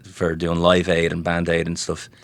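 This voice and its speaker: A man's voice: deep voice, normal speed, no echo. A young Irish man, a comedian guest, telling stories in a casual podcast chat, restarting his words as he goes. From Ireland. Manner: storytelling, animated, repeats words when starting.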